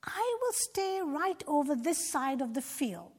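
A woman's voice: sits high, sing-song, unhurried, darkish tone, full character voice. A woman voicing a bored, disobedient young male sheep in a plaintive, whiny tone. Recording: long reverb.

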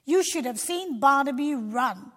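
A woman's voice: high voice, animated, unhurried, fairly bright tone. A woman narrating a Christian children's story expressively, talking directly to young listeners. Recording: long reverb.

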